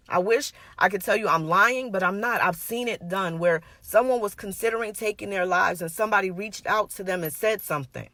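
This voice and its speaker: A woman's voice: on the low side, moderate pace, a bit bright, dry recording. A woman giving an earnest, conversational sermon, emphatic and personal, repeating her points. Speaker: minister.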